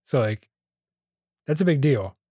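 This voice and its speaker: A man's voice: medium pitch, expressive, a little slow, dark tone, slightly rough, no echo, clean studio sound. A man co-hosting a podcast, chatting casually and cracking jokes. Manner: joking, chatty. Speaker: podcast co-host.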